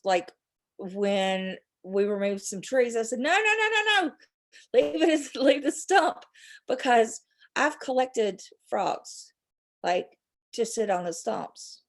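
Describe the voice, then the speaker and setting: A middle-aged woman, hosting a rambling live chat with her viewers and laughing often. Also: medium pitch. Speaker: livestream host.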